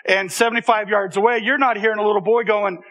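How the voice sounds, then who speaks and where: A man telling a personal story to an audience in a lively, conversational way, often checking in with the listeners. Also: high-pitched, fast talker. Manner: animated, conversational, with repeated restarts and audience asides. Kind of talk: storytelling talk.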